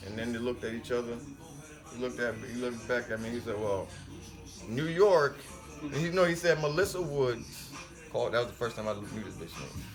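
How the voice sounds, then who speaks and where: A man telling a story in a casual podcast chat, animated and acting out the voices of the people in it. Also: medium pitch, moderate pace, soft background music. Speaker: podcast guest.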